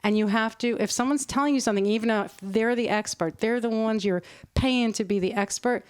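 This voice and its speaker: A middle-aged woman, a podcast guest, telling a work story in a lively, animated way and laughing often. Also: a little high, a little fast, clear, resonant tone, dry recording. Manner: animated, acts out quoted voices, laughs often. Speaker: podcast guest, nonprofit CEO. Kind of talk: conversational storytelling.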